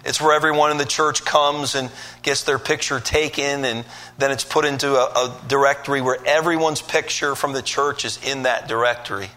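A man's voice: medium pitch, steady tone, normal speed, bright, forceful tone. A male pastor from Michigan preaching a sermon, telling stories with voiced asides and building to emphatic peaks.

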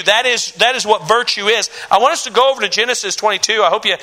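A man's voice: sits high, fast, sharp tone. A male pastor preaching a sermon, emphatic and repetitive, often restarting and stammering as he makes his point.

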